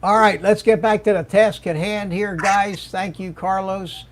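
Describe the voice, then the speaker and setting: A man's voice: high-pitched, steady tone, a little slow. An older man hosting a hobby livestream over a video call, talking casually and restarting his sentences often. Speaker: livestream host. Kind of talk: casual panel chat.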